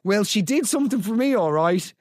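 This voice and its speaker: A man hosting a comedy podcast, reading out listener stories with incredulous, animated energy. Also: sits high, brisk, no echo, studio quality. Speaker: podcast host.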